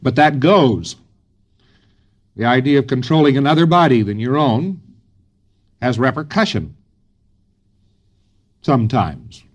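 A man giving an informal lecture to trainees, rambling and folksy, often pausing on fillers. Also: medium pitch, animated.

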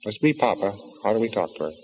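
A low-voiced man with a lively, rising-and-falling delivery gives short, directive prompts as he guides a session. The recording is a thin, phone-like old tape with a long reverb and faint hiss. His coaxing tone stays steady and insistent. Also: quick pace. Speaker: therapist guiding a session.

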